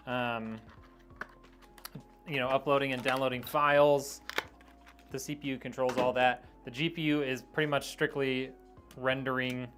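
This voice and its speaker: A middle-aged man talks loosely through a computer build on a live stream, filling pauses with ums and likes as he works. His voice sits at an ordinary middle pitch, and soft music plays faintly behind him. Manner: relaxed, thinks aloud with many ums and likes. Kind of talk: casual live-stream chat while building.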